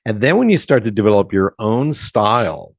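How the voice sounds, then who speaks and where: A man from South Central Pennsylvania hosting a casual podcast interview, chatty and quick to laugh. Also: fairly low pitch, very animated, no room sound. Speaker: podcast host.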